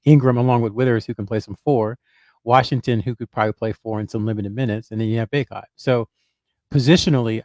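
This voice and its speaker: A man's voice: on the low side, mellow, dry recording. A man on a podcast, a basketball reporter who hedges and thinks aloud with lots of fillers and restarts. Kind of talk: casual podcast chat.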